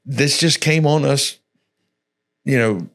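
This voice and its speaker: A man talks in an easygoing, folksy way on a church podcast. His voice sits in an ordinary middle pitch. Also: slow, fairly bright tone. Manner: laid-back, folksy, jokey storytelling. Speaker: pastor. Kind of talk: casual church podcast chat.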